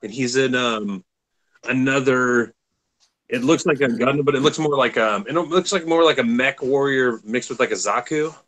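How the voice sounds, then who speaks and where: A man joining a live hobby stream as a guest, talking haltingly with many restarts. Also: mid-range voice, a bit bright, rough recording. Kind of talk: casual chat on a live stream.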